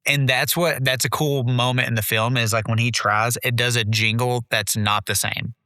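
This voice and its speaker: A man's voice: medium pitch, steady tone, moderate pace, bright, forceful tone, dry recording, studio quality. A man co-hosting a podcast, reviewing a film in loose casual chat and saying "dude" and "like" a lot. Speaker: podcast co-host.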